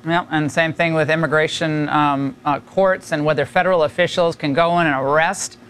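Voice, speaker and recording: A man's voice: a little high, fairly even intonation, normal speed, a bit bright, slight background noise. A man hosting a cable news show, interviewing guests in an emphatic, indignant way. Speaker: TV news host.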